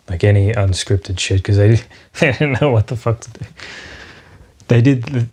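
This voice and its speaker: Male podcast host, low dark voice, rambling and foul-mouthed, solo monologue. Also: breathy edge. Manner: rambling, profane, sidetracked, with many fillers.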